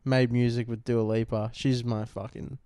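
A man's voice: medium pitch, level tone, moderate pace, dark tone, clear, resonant tone, dry recording, studio quality. A young Australian man co-hosting a casual podcast in a lounge room, laid-back and swearing a lot. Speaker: podcast co-host. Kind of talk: casual chat.

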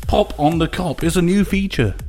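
A man's voice: fairly high pitch, normal speed, darkish tone, soft background music. A man co-hosting a casual podcast, teasing his partner and laughing along. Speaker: podcast co-host.

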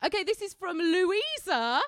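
A bubbly woman co-hosting a live podcast, her high voice leaping around as she reads out listener letters. She swings between delighted squeals and low, wry asides. The sound is close and dry. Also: big pitch swings, dry recording. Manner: playful, gushing, quick swings from shrieks to murmurs. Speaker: podcast co-host. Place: live show venue with audience.

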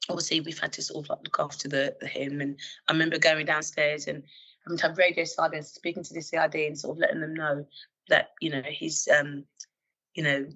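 A woman who is a former police officer, telling a personal story in an earnest, halting way with many fillers and restarts. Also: deep voice, sharp tone, muffled recording. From London, England.

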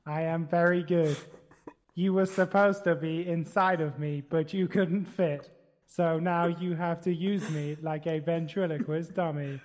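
A man voicing a deadpan male alien podcast companion with a flat, synthesized-sounding voice, speaking slowly and stiffly. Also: on the high side, lightly acted. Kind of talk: comedy podcast bit.

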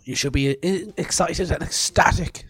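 A man's voice: on the high side, normal speed, a bit bright, breathy edge, dry recording, soft background music. A man hosting a podcast, rambling and self-mocking in casual chat. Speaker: podcast host. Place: outdoor festival grounds in later part.

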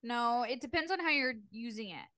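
Young female co-host, slightly high, relaxed, quick quips, dry close mic. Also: no room sound. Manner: laid-back, laughs often, quick quips. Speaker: podcast co-host. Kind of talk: casual chat.

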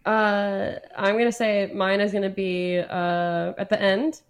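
A woman's voice: medium pitch, little pitch movement, measured pace, clean tone. A woman who is a comedian, a guest on a comedy podcast, talking in a rambling, playful way with many fillers.

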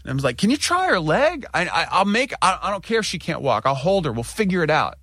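A man's voice: a little high, lively intonation, quick pace, a bit bright, no echo, clean studio sound. A man casually telling a story on a podcast, acting out his own anxious outbursts.

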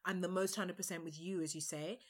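A woman from Uganda co-hosting a podcast, candid and expressive in casual chat, swearing now and then. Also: lowish voice, brisk. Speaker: podcast co-host.

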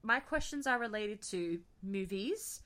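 A woman's voice: mid-range voice, lively intonation, a little slow, bright, forceful tone. A woman hosting a podcast from bed at home, chatting casually with lots of giggling, swearing and playful teasing. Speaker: podcast host. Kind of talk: casual chat quiz.

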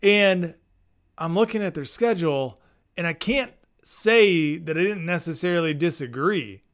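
A man's voice: on the high side, animated, a little slow. A man co-hosting a podcast, bantering and teasing about football. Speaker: podcast co-host. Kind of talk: casual sports chat.

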